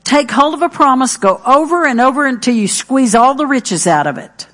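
Emphatic higher-pitched woman preacher. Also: lively intonation, moderate pace, a bit bright. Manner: earnest and emphatic, repeating key phrases. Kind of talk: sermon.

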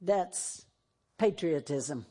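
A woman's voice: low-pitched, expressive, very slow, mellow, husky. A woman preaching a sermon in a church, moving between fervent exhortation and tearful emotion. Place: church sanctuary, televised.

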